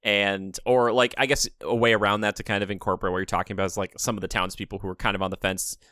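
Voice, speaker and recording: A man's voice: fairly low pitch, flat delivery, fast talker, bright, forceful tone, dry recording, clean studio sound. A man hosting a podcast, talking in a casual, rambling way with lots of "like.". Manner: rambling, heavy use of "like". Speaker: podcast host. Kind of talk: casual chat.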